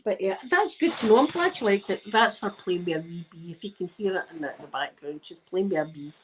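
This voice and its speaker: A Scottish woman in her fifties, an ASMR creator, talks softly while knitting and rambles through chatty stories. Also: fairly low pitch, animated, fast talker, slight background noise, poor audio. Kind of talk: soft-spoken ASMR chat while knitting.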